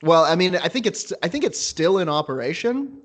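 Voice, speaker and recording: A man's voice: a little high, sing-song, fairly quick. A man from Colorado chatting casually as a co-host, with laid-back joking asides. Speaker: podcast co-host. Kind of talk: casual chat.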